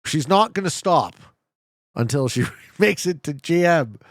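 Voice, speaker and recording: A slightly high-voiced Canadian man speaks unhurriedly while streaming a game live. He keeps up profane, excitable, joking banter with his chat and gets worked up over his guesses, captured in studio quality without echo.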